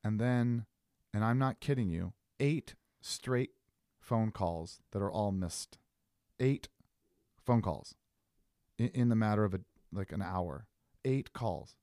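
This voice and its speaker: Animated man telling a story, dry sound. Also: fairly low pitch, slow, long pauses, no echo. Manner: animated storyteller, swears, acts out texts he received. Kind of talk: casual storytelling chat.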